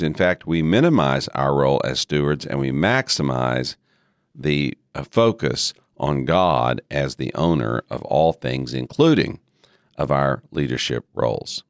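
Man with a low gravelly allergy voice teaching on his podcast, steady and emphatic, super dry sound. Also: dry recording. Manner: measured, emphatic, repeats key phrases slowly. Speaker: podcast host and seminary president. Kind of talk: scripted ministry teaching podcast.

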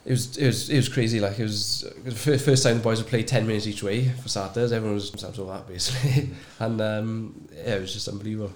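Low, flat-voiced man recalling. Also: fast, few pauses. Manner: rambling, hesitant recall with many fillers, brightening at high points. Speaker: guest, former sevens player. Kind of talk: casual interview recollection.

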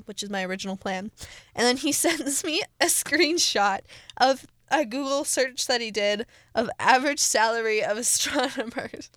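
A teenage girl co-hosting a school radio show, chatting casually and giggling between quick asides. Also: fairly high pitch, a bit bright, dry recording, clean studio sound. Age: teens. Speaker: student radio co-host. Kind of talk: casual chat.

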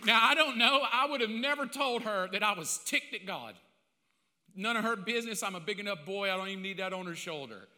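Older man, pastor, high voice, very bright and forceful, confessional storytelling sermon, long hall echo. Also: fairly quick. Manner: confessional, self-mocking, swings between loud and hushed.

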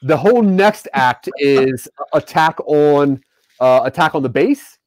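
A man steering a loose story-planning session with animated energy, slipping into quick bits of character voices. His voice sits a little high for a man and sounds dry and close, with almost no room around it. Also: dry recording. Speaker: writer leading a story brainstorm. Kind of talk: casual creative brainstorming.

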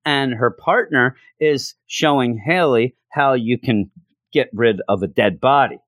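A man's voice: medium pitch, a little slow, a bit bright, no echo, clean studio sound. A man casually recapping a comic plot in a rambling way, with lots of fillers. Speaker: comic book reviewer.

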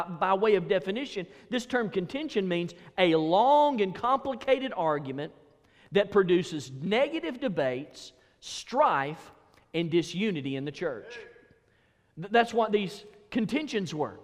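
A man's voice: a little high, lively intonation, moderate pace, big-room sound. A male pastor preaching a sermon in an emphatic style, repeating key phrases for stress.

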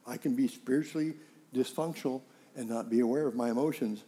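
A middle-aged man preaching a sermon, telling stories and acting out dialogue with animated emphasis. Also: mid-range voice, brisk. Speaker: pastor.

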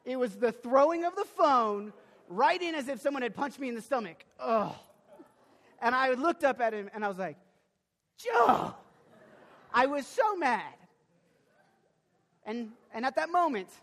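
A young pastor with a high voice tells a personal story during a sermon, animated and brisk. He stumbles into restarts and breaks out in sudden loud bursts. The long reverb of a large hall rings around his voice.

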